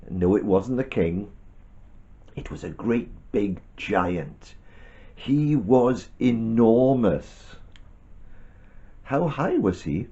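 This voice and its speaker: A man with a lower voice tells a Bible story to a child, gentle and animated with chatty asides. The recording is dull and lo-fi. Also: extremely slow, long pauses.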